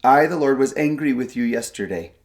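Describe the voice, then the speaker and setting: A man in his forties co-hosting a scripture podcast, talking casually and getting animated as he paraphrases verses. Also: brisk. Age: 40s. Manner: animated, jumps up in pitch when voicing God's kindness. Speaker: co-host of a scripture study podcast.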